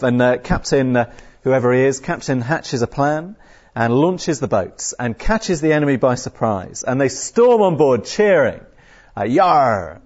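A man preaching a sermon in a lively, conversational way, with many fillers and mock-taunting asides. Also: medium pitch, dull audio.

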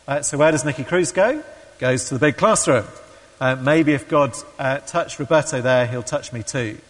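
A man's voice: on the high side, lively intonation, normal speed. A man giving a sermon, hesitant with many ums, who reads a story aloud and acts out the quoted voices. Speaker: preacher. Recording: long hall reverb.

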